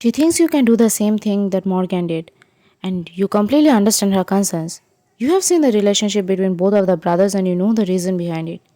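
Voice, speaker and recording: A woman narrating a second-person fan fiction story in an even, unhurried way. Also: mid-range voice, dry recording.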